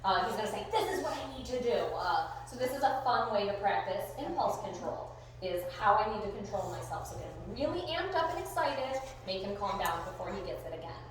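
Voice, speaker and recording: Animated woman dog trainer, echoey. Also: medium pitch, fairly quick, hardly any pauses. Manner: upbeat, animated, bursts of excited praise. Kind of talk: hands-on training lesson. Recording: echoey room, distant mic, faint noise.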